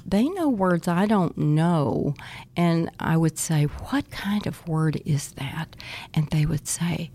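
A middle-aged woman speaks as an early childhood educator in an interview, her voice sitting a little low. She explains with animated conviction and acts out teachers and children, often dropping into soft whispers for the quotes. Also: gravelly.

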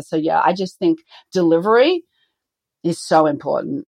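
Her voice is lowish and her speed normal, captured in a dry recording. She's a middle-aged co-founder of a business, an animated storyteller in a chatty podcast interview who acts out the lines people said.

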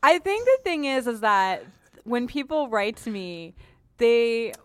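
Speaking slowly in a sing-song, slightly high voice, a cleaning advice columnist hosts a casual podcast chat. She's frank and jokey, frequently starting her sentences over. The tone is clean.

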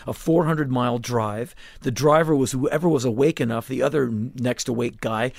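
This is a casual interview conversation in a garage home studio with a musician in his fifties, who recounts stories in a blunt, intense manner with frequent restarts. He speaks at a moderate pace in a creaky, medium-pitched voice, and the recording is dry.

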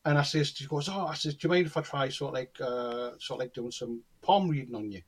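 A man's voice: mid-range voice, a little fast, breathy edge. A man, telling anecdotes in casual chat and acting out the dialogue in them. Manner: animated storyteller, acts out quoted dialogue. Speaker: guest, cold reader.

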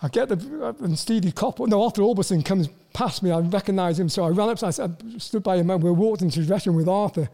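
An older man with a Welsh accent, telling stories as a guest in a casual interview, halting and repeating words with lots of "you know". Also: sits high, mellow. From Wales. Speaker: guest, former footballer.

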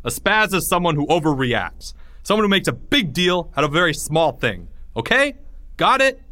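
A man's voice: on the high side, sing-song, moderate pace, pushed and bright, voice pushed up. A man voicing a stern male schoolteacher who barks firm orders in a storybook reading. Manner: barking, firm.

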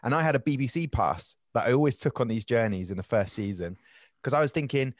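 A man trades stories on a podcast, rambling and animated and prone to quick asides. His voice sits in an ordinary middle register. It is recorded close and dry, with no room sound. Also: medium pitch, no room sound. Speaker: podcast guest. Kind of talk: casual storytelling chat.

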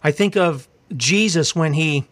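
A man's voice: fairly high pitch, unhurried, fairly bright tone. A man preaching a sermon, fiery and confrontational, asking rhetorical questions and reading scripture aloud.

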